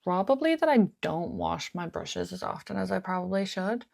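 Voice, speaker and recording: A woman's voice: fairly low pitch, huge pitch swings, moderate pace, gravelly, darkish tone, dry recording, studio quality. A woman chatting casually at home while doing her makeup, muttering little asides to herself as she works. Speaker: beauty vlogger. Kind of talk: chatty get-ready-with-me talk.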